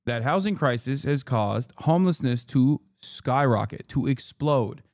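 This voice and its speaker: A man livestreaming political commentary, reacting to his chat with a profane, combative, rapid-fire delivery. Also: medium pitch, animated, a little mellow, dry recording, studio quality. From lives in California.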